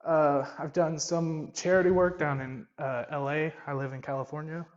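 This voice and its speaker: A man's voice: fairly high pitch, little pitch movement, normal speed, long reverb tail, muffled recording. A man in his twenties calling in from work, nervous and hesitant, with lots of ums and uhs. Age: 20s. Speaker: caller. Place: at his workplace.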